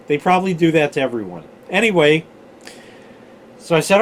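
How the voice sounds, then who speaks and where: Here's a chatty man in his forties, a storyteller host who swears a lot and keeps digressing as he recalls old stories. His slightly high voice swings widely in pitch, moves at a moderate pace, and leaves long pauses.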